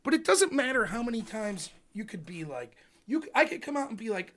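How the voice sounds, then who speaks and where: A man with a high, bright voice hosts a political livestream. He rants in a casual, profane way, and his pitch swings widely as he argues. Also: fairly quick, few pauses. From United States. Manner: animated, profane ranting. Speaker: livestream host.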